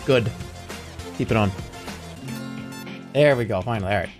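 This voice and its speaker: A man's voice: on the low side, normal speed. A man streaming casually, arguing playfully with his chat. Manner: argumentative, animated banter with chat. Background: faint music.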